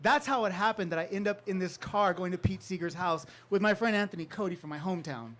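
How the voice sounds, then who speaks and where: A man with a high voice tells a story to a live audience. He is animated and laughs often, and he jumps into the voices of the people he quotes. He grew up in California. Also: quick pace. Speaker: author giving a talk.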